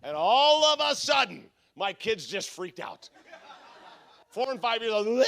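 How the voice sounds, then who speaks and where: A man's voice: high voice, expressive, a little slow, creaky, pushed and bright. A middle-aged man from Southern California, a guest pastor preaching at a conference, telling funny stories with lots of restarts and asides. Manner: humorous, self-deprecating storyteller with frequent restarts. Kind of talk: conference sermon with storytelling.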